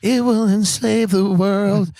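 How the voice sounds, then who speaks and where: A man putting on an impression of a young female pop star, speaking slowly in a dreamy, ominous way. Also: sits high, steady tone, warm tone, slight background noise, pitched above the performer's own voice. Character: brooding young female pop singer, eerie.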